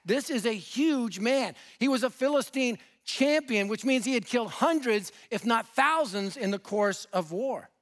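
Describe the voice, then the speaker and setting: A man in his fifties from Denver, preaching a sermon with lively, humorous storytelling that swings between loud and soft. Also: very high-pitched. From Denver, USA. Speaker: guest preacher and evangelist.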